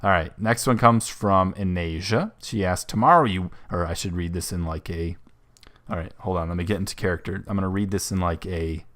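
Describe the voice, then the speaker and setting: Low-voiced young man, rambling game commentary. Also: fairly quick. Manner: rambling, self-correcting, relaxed. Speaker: host. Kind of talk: casual gaming commentary.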